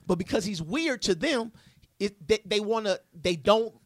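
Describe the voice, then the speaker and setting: A man's voice: high-pitched, expressive, normal speed, no echo. A man in a casual podcast chat, insistent and lecturing, with swearing.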